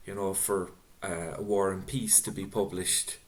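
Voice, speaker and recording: A man's voice: low voice, steady tone, unhurried. Reflective man hosting a book chat. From Ireland. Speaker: author interviewer reading audience questions. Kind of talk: casual book-event conversation.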